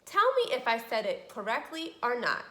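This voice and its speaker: A woman giving a children's speech lesson as a speech therapist, talking slowly with exaggerated, encouraging teacher delivery. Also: on the high side, big pitch swings, fairly bright tone, roomy sound.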